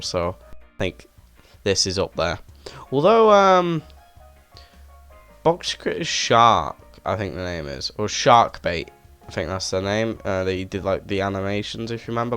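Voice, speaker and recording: A man with a low, fairly bright voice rambles excitedly through a casual game walkthrough, dropping plenty of "um"s and "like"s. He creates gaming videos and records on a desk mic with a headset.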